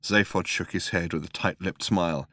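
A man narrating a comic science-fiction story in a measured, wry way. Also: sits low, fairly even intonation, pushed and bright, dry recording, studio quality. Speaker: audiobook narrator. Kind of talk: scripted narration.

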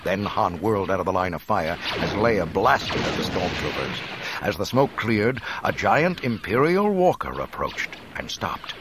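A middle-aged man narrating a dramatic audiobook with an expressive, varied delivery. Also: low-pitched, unhurried, very noisy.

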